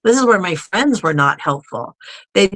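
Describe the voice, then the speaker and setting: A woman from the United States guests on a podcast in casual conversation, her medium-pitched voice swinging widely in pitch at normal speed and sounding a bit bright. She's a chatty storyteller who acts out the people she quotes.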